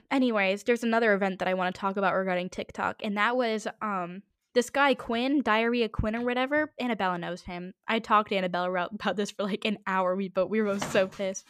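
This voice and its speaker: A woman's voice: mid-range voice, fairly quick, fairly bright tone, clear, resonant tone, no room sound, studio quality. A woman hosting her own podcast, talking in a chatty, rambling, jokey way. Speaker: podcast host. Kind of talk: casual rambling podcast monologue.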